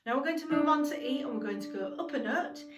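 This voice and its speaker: High-voiced woman teaching children to sing. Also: animated. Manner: encouraging, speaks slowly and clearly to young children. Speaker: singing teacher. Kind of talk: children's singing lesson. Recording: roomy sound from a distance, music behind.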